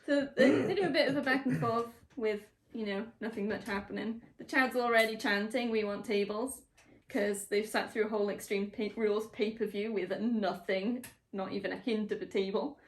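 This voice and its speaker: A woman's voice: medium pitch, fairly even intonation, normal speed. A woman co-hosting a casual chat about wrestling, laughing often as she talks. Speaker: podcast co-host.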